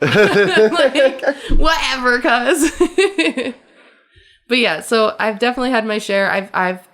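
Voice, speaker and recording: A woman co-hosting a podcast, telling stories in a casual, animated way with frequent laughter and lots of fillers. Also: on the high side, slow. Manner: animated storyteller, laughs often, many fillers. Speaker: podcast co-host. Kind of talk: casual chat.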